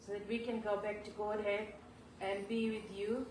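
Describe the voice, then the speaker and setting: A woman speaks an emotional tribute in a large temple hall, halting and apologetic as she fights back tears. Her voice comes from well away from the mic and rings through the roomy space. Steady background noise sits under her words. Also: mid-range voice. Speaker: devotee giving a homage. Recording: echoey hall, voice from far off, clear background noise.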